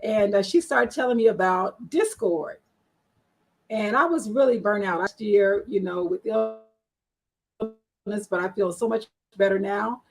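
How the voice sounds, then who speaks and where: A woman's voice: mid-range voice, a little slow, darkish tone, soft background music, low-quality recording. A woman guest on an online panel show, chatty and frank, telling her story with many fillers. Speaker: guest, marketing strategist.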